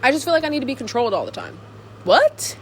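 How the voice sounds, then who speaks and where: A young woman talks to her own camcorder, rambling and giggling through a casual vlog. Her voice sits a little high and swoops all over the place. There's a faint hiss of room noise underneath. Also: wildly swooping pitch, racing. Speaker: vlogger. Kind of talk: casual chat to camera. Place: alone in a room.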